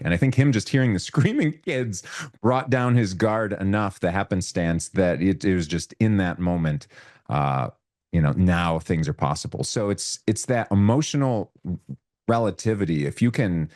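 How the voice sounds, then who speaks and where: Deep-voiced male host on a video call. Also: moderate pace. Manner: animated, imitates voices when retelling. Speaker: podcast host. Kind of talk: casual storytelling on a live video call.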